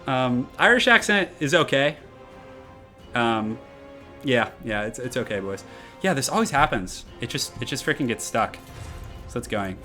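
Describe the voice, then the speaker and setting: A young man hosting a live game stream from his home computer setup, chatting casually and answering his viewers' comments. His voice is bright and forward, and his manner is upbeat. Faint music plays behind him. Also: medium pitch, lively intonation, a little slow, pauses often.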